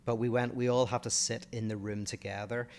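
A man's voice: medium pitch, little pitch movement, fairly quick, darkish tone. A man from Northern Ireland with a Northern Irish accent, co-hosting a casual podcast and talking through philosophical ideas in a thoughtful way, often restarting mid-phrase.

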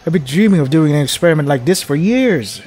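A man's voice: on the high side, animated, fast, a little mellow, faint music behind. A young man playing a game, reading its text aloud with loose, joking commentary and frequent laughs. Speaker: let's play host.

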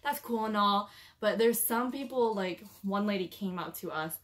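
Young female vlogger, everyday conversational delivery, rambly with fillers, mid-range pitch. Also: normal speed, fairly bright tone. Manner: chatty, rambling with many "like" and "um" fillers, giving cautionary advice. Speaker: travel vlogger. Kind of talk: casual chat.

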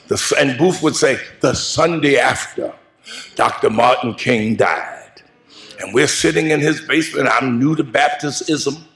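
A man preaching a funeral eulogy in a call-and-response style, moving into shouts and half-sung lines. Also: mid-range voice, a little slow, creaky. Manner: preaching cadence, rising to shouts and sung phrases. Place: large church sanctuary.

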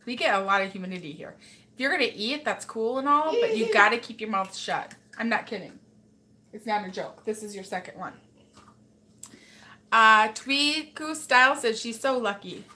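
A woman's voice: a little high, very animated, moderate pace, sharp tone. A woman hosting a casual live stream as a mother, chatting and reading viewer comments while scolding her child. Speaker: host and mother.

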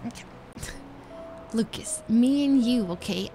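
A woman's voice: sits high, animated, moderate pace, a bit bright, soft background music. A woman streamer talking in character during a roleplay game, playful and teasing, laughing often.

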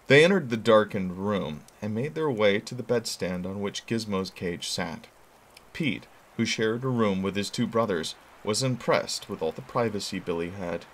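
A man's voice: lowish voice, moderate pace. A man reading a novel aloud as a show host, telling the story expressively. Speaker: reader.

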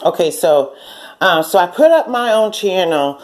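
A woman's voice: lowish voice, lively intonation, a little slow. A woman in her forties telling a story in a casual rant, blunt and profane, often laughing and acting out what people said. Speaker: channel host.

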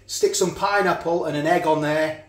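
A man's voice: on the high side, fairly even intonation, moderate pace, reverberant. A man chatting casually as he cooks and tastes food in a home kitchen. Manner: chatty, talks while chewing, frequent restarts. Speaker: food reviewer. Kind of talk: casual food review vlog.

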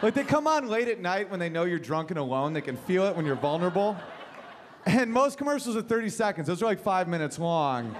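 A man doing a stand-up set in a comedy club, talking in an animated way, acting out voices and swearing casually. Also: sits high, a little fast, a little hiss or hum. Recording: live club set with loud crowd laughter.

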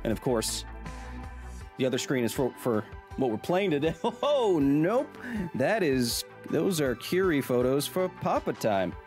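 With a medium-pitched, darkish voice, lively intonation and a moderate pace, this thirty-something streamer and science communicator jokes around on a casual gaming stream. He reads viewers' chat out loud, and soft background music can be heard.

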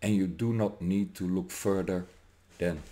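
A man from Germany, delivering an angry, profane political rant to camera, swinging between loud outbursts and low, menacing muttering. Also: steady tone, measured pace. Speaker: vlogger.

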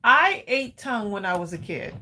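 A woman's voice: mid-range voice, very animated, normal speed, bright, forceful tone. Chatty woman hosting a live stream. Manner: chatty, rambling, frequent ums and laughs. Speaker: livestream crafting host. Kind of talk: casual live-stream chat.

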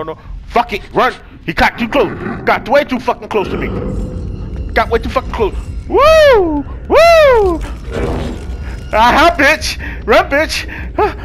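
A man giving casual let's play commentary, swinging from hushed muttering to yelling and talking to the game characters with slang and swearing. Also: extremely high pitch, a little hiss or hum. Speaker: gaming video creator.

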